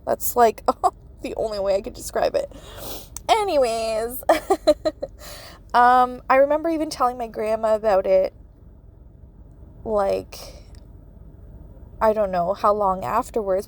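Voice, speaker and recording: A woman's voice: fairly high pitch, a little mellow. A woman hosting a podcast, telling a personal story with many fillers and laughing through tears. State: tearful. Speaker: podcast host, medium.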